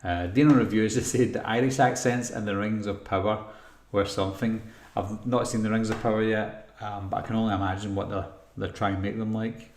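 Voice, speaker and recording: A man's voice: on the low side, steady tone, brisk, slight background noise. A Scottish man hosting a live-stream Q&A, reading chat comments aloud and rambling as he thinks. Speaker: host. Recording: roomy echo.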